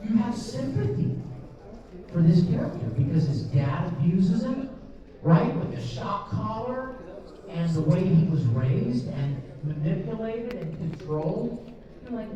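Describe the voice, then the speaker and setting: A man's voice: high-pitched, sing-song, a little slow, warm tone. A man who voices cartoon roles answers fan questions at a convention panel, telling stories in a chatty way and laughing often. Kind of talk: animated storytelling in a Q&A. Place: large convention panel room with an audience. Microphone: filmed from a camera in the audience. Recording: echoey hall recorded from far off, dull sound.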